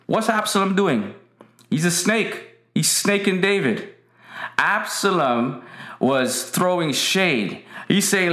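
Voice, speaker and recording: In a roomy, echoing recording, a man with a fairly high, fairly bright voice speaks slowly and with great animation. He's delivering a casual, emphatic livestream sermon to viewers online, repeating his key lines and greeting people by name.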